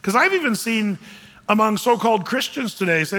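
Male pastor, high and bright, emphatic sermon delivery in an echoing hall. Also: animated, fairly quick. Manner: emphatic preaching with dramatic quoted voices.

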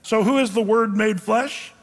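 A man's voice: high voice, unhurried. A man preaching a sermon from a church stage, talking in a conversational, joking way and asking rhetorical questions. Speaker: pastor. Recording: long reverb of a church hall.

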